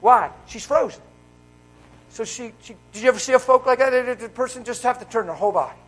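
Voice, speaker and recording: High-voiced fervent male preacher. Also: brisk, soft background music, rough recording. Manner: fervent, swings from loud exclaiming to hushed. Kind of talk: live sermon. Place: church service. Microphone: wearing a mic.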